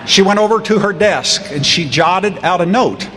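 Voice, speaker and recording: A man's voice: sits high, moderate pace, very noisy. Wry older man speaking in a hall. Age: 60s. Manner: wry, deadpan storytelling. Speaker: commencement speaker. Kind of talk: humorous commencement speech. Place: large ceremony hall. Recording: long hall reverb, faint crowd ambience.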